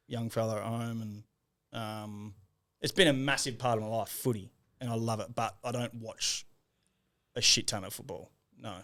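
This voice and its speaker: Gravelly laid-back Australian man. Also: on the low side. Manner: relaxed, laughs often, laid-back storytelling. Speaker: podcast guest, former footballer. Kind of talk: casual interview chat.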